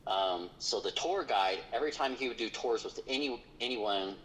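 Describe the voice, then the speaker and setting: A man's voice: medium pitch, moderate pace, a bit bright, slight background noise, low-quality recording. A man, a paranormal investigator, telling a story in casual conversation, rambling with lots of fillers.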